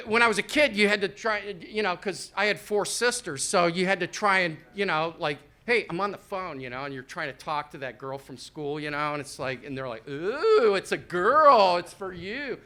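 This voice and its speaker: High, bright-voiced rambling male comic. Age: 50s. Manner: rambling, profane, self-deprecating. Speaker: stand-up comedian. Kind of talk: stand-up comedy set. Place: live comedy stage.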